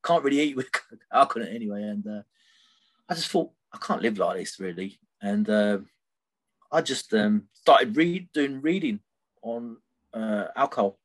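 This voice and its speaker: A middle-aged man speaks in a somewhat low voice as a podcast guest. He tells his story candidly and loosely, with many fillers and frequent "right?" tags. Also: expressive, a little slow.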